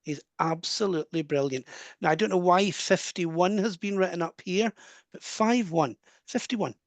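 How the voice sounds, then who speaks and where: A man's voice: sits high, dry recording. Scottish man giving a reading. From Scotland. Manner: warm, earnest, relays messages with quick asides and laughs. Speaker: medium. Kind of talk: live mediumship reading.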